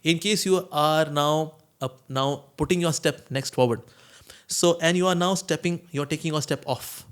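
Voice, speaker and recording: A man's voice: on the high side, moderate pace, fairly bright tone, clean tone. A man, a monk answering questions in a conversational spiritual talk, telling stories and acting out quoted voices. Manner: storytelling, acts out quoted voices, chuckles.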